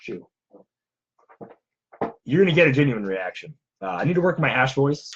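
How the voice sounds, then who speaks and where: A man's voice: mid-range voice, very animated, normal speed, muffled recording, slight background noise. A man who makes props and cosplays, chatting casually and in a self-deprecating way. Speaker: cosplayer and prop maker. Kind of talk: casual chat.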